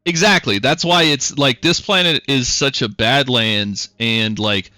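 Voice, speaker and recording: A man's voice: medium pitch, measured pace, sharp tone, no room sound, clean studio sound. A man narrating as game master in a rambling, casual way, swearing often.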